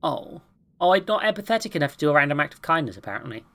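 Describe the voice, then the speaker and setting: A woman's voice: deep voice, big pitch swings, rapid-fire, a bit bright. A woman streaming a game, chatting and joking about herself as she plays. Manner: chatty, self-deprecating. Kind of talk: let's play with reading aloud.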